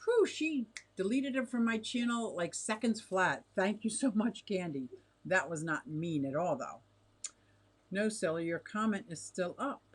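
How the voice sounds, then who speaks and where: A woman's voice: mid-range voice, lively intonation, measured pace, husky. A middle-aged woman hosting a casual livestream from her home, chatting and giggling as she reacts to viewer comments. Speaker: livestream host reading chat. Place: home fish room with tanks.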